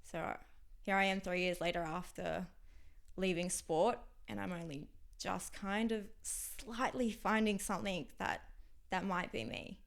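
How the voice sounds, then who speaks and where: A young Australian woman speaking as a podcast guest, talking frankly in halting phrases that sometimes drop to a near whisper. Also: medium pitch, creaky. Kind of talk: candid interview conversation.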